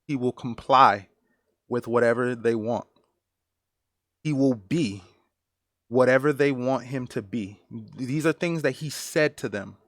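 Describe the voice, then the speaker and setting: A man giving personal commentary as a vlogger, earnest and emotional, halting and repeating phrases for emphasis. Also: mid-range voice, no echo, studio quality.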